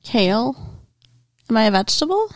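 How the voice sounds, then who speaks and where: Lively higher-voiced woman on a podcast, teasing, kinda wry, voice bounces around. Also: moderate pace, no room sound. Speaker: podcast co-host. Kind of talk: casual chat.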